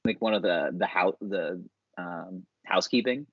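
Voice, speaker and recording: Husky low-voiced man rambling and laughing. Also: no room sound. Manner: rambling, swearing, quick to laugh. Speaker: podcast co-host. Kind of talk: casual chat. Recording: dull, dry, lo-fi podcast mic.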